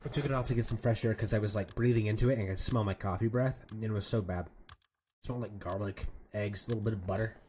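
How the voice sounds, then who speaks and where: A streamer with a lowish, mellow voice talks at a quick pace while playing a game, with a little hiss or hum in the recording. His casual chat rambles from one story to the next, and he laughs often.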